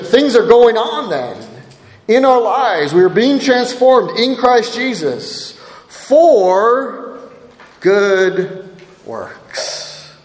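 High-voiced man preaching in an echoey hall. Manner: conversational, often asks "right?". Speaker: pastor. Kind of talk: sermon. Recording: echoey hall with long reverb.

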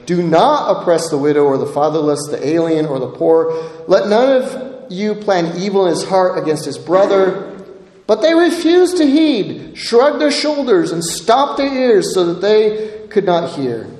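A man's voice: high voice, expressive, a little slow, a little mellow. A man preaching a sermon, reading scripture aloud and pressing his listeners with rhetorical questions, often adding "right?". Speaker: pastor. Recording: echoey hall with long reverb.

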